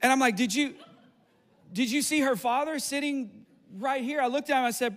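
Middle-aged male pastor, very high voice, animated sermon storytelling. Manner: animated storytelling with laughs and quick asides.

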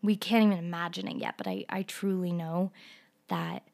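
A woman's voice: lowish voice, sing-song, normal speed, darkish tone. A young woman hosting her own podcast, talking casually with strong opinions, rambling a little and laughing often between points. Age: young adult. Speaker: podcast host. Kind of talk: casual solo podcast monologue.

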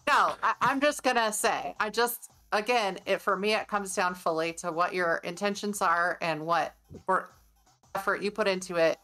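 A woman's voice: medium pitch, moderate pace, pushed and bright, faint music behind. An American woman, a horror author, speaking thoughtfully and laughing often as a guest in a casual podcast chat. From United States.

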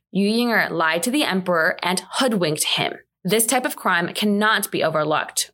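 A woman talking through a drama recap in a relaxed, chatty way. She drops in wry, sarcastic asides now and then, and her voice sits at an ordinary middle pitch. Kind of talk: casual recap commentary.

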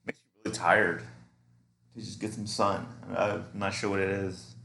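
A man hosting his podcast alone, musing and meandering with many halting fillers. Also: low voice, little pitch movement, gravelly, pushed and bright. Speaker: podcast host. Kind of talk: casual rambling solo monologue.

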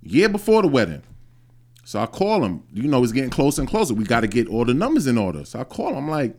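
A man's voice: mid-range voice, huge pitch swings, fast, a little mellow. A man in his late thirties hosting a podcast, telling a personal story in a blunt, profane way. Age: 30s. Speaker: podcast host. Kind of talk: casual chat.

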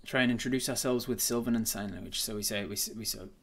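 A man's voice: lowish voice, steady tone, quick pace, a bit bright. A man narrating as game master of a tabletop game, hesitant, with many fillers and restarts.

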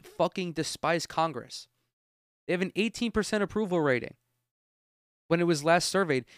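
A man's voice: a little high, a bit bright, clean tone, dry recording, studio quality. A man hosting a solo podcast from a room at home, giving blunt, opinionated commentary full of swearing. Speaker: podcast host. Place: room at home with windows open.

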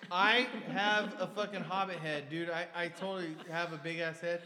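A man's voice: high voice, fairly even intonation, moderate pace, bright, forceful tone, a little hiss or hum. A man who is a guest on a casual podcast, joking crudely and swearing constantly. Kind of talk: casual drunken podcast chat. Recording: echoey room with long reverb.

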